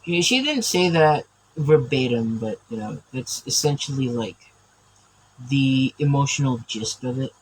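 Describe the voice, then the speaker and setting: Man, casual drawing chat, stammering and rambling, unhurried delivery, mid pitch. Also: animated, slight background noise, poor audio. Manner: rambling, stammering, laughs often. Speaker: artist drawing on camera.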